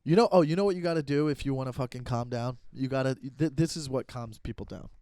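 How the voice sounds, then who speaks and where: A man's voice: mid-range voice, warm tone, no room sound, studio quality. A man who hosts a comedy podcast, ranting and swearing with lots of restarts, recorded on a phone in his bedroom. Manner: profane, ranting, fast restarts. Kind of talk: solo podcast rant. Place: bedroom with the door closed. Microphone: phone set up pointing at him.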